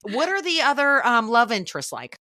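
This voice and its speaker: Woman, podcast host, bright tense tone, lively swooping pitch, gushing and giggly. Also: no room sound, studio quality. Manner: bubbly, gushing, quick to laugh. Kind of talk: casual interview chat.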